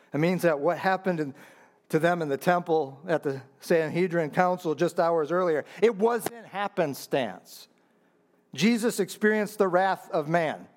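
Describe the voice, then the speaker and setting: A fairly high-voiced man preaching from the pulpit. He swings between quiet, low asides and loud, soaring emphasis, repeats key lines and calls out to his listeners. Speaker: pastor. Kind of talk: sermon.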